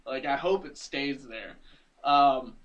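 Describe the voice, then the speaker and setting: A man's voice: medium pitch, slow pace, fairly bright tone, recorded from a distance, muffled recording. A man co-hosting a podcast, animatedly recapping a comic book in casual chat, laughing often and acting out the characters' lines. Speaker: podcast co-host.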